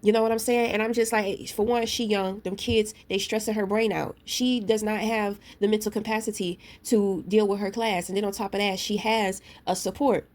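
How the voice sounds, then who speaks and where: A woman ranting straight to her camera, blunt and profane, with a confrontational edge. Her voice sits at a middling pitch for a woman. She tells her story in loose, casual talk, full of asides aimed at the listener. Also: steady tone, moderate pace, few pauses, darkish tone. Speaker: vlogger; parent.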